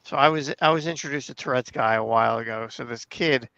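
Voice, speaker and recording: Gravelly, bright-voiced podcast host man. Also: medium pitch, fast, no room sound, highs cut off. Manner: swearing, plays clips. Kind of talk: casual chat.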